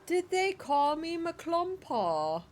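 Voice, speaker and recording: A woman's voice: very high voice, very animated, slow, a little hiss or hum. A young adult woman streaming a video game, chatting casually, exclaiming and reading her dialogue choices aloud. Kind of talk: casual gaming chat.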